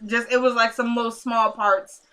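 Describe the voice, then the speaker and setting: A woman's voice: fairly high pitch, steady tone, moderate pace, fairly bright tone. A woman casually recapping a TV episode in a chatty way, with sassy asides, retelling scenes through quoted dialogue.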